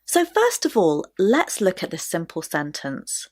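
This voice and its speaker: A woman teaching a pronunciation lesson in a clear, deliberate way, stressing key words. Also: medium pitch, big pitch swings. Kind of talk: scripted lesson to camera.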